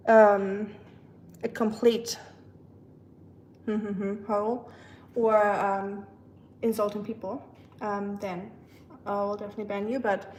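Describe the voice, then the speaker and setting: A woman's voice: a little high, darkish tone. Woman, German accent, casual rambling chat, self-teasing, noisy background, kitchen chopping. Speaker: livestream host. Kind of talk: casual chat with live viewers.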